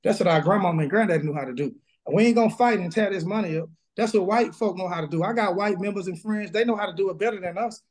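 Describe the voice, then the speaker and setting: High-voiced emphatic Southern preacher man. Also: quick pace, few pauses. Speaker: pastor. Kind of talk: casual interview, preaching energy. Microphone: video call.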